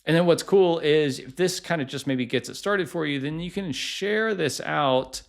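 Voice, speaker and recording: A man's voice: a little high, moderate pace, gravelly. A middle-aged man hosting a casual tutorial vlog, talking in a chatty way full of "like" and "uh". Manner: chatty, lots of "like" and "uh" fillers. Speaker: tech YouTuber, podcasting company founder.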